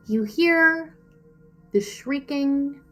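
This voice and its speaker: A woman's voice: high-pitched, extremely slow, a bit bright, soft background music. A woman narrating as game master of a tabletop game, storytelling with an easy flow and frequent fillers.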